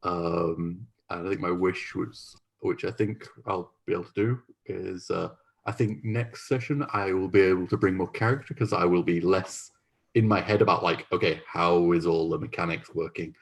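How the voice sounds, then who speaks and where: A man reflecting thoughtfully after a tabletop game, hesitant and pausing often. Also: low-pitched, fairly even intonation, creaky.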